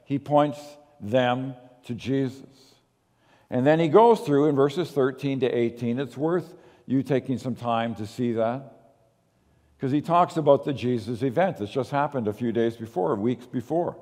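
Male pastor preaching in a reverberant hall. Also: medium pitch. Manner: dynamic preaching, swings between soft asides and emphatic, slowed quoting of scripture. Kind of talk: sermon.

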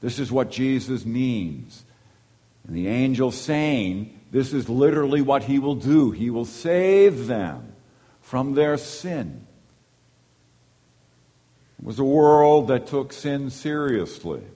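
A man preaching a sermon, moving between quiet, low asides and loud, emphatic lines. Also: animated, takes it slowly. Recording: long hall reverb.

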